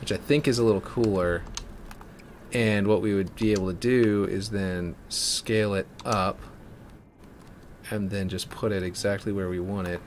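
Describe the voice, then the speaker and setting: A man giving casual, rambling commentary as he builds a game map, thinking out loud and correcting himself as he goes. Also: lowish voice, steady tone, normal speed, a little hiss or hum.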